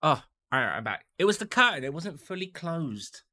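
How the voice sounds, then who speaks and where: Brief: chatty live streamer, excitable gameplay commentary, bright tense tone, casual swearing. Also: medium pitch, moderate pace, no echo.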